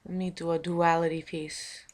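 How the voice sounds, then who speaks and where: Rambling, low-voiced woman vlogger. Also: level tone, normal speed. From Montana. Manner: rambling, musing and playful. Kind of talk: casual vlog to camera.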